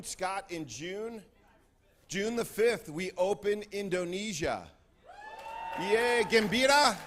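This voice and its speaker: A man speaking on stage at a convention, playfully calling out to groups in the crowd and shouting greetings. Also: sits high. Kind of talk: lively stage address to a crowd. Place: large convention hall with a crowd.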